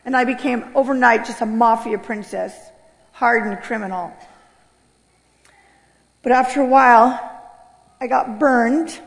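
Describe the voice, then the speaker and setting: Recorded with long hall reverb, a middle-aged American woman shares her life story as a testimony. She sounds a little high and creaky, speaks unhurriedly with many pauses, and grows earnest and emotional.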